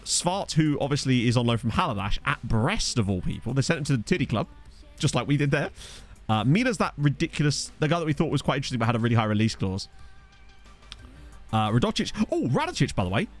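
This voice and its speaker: A young man chats his way through a football management game, his pitch leaping up and down as he jokes and reacts. His voice sits in a middle register, and soft music plays underneath him. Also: big pitch swings. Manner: chatty, joking, reacts with quick exclamations. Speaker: gaming video host. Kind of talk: casual gameplay commentary. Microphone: desk USB microphone.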